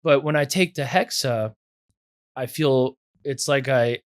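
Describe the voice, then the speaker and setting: A man's voice: medium pitch, a little slow, no echo. Laid-back man telling anecdotes, dry sound. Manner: relaxed, anecdotal, laughs often. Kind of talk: casual podcast conversation.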